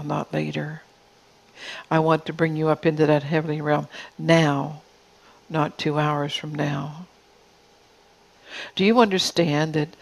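A woman's voice: low-pitched, creaky, rough recording. A woman preacher delivering a prophetic sermon in God's voice, pressing her listeners with repeated questions. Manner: insistent repeated rhetorical questions.

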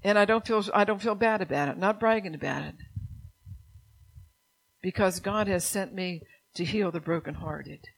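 A middle-aged woman pastor preaching a sermon, earnest and direct with her congregation, dropping soft and low at times and rising to urgent exhortation. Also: moderate pace, creaky, long pauses, low-quality recording. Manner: addresses the congregation directly with "church" and "amen".

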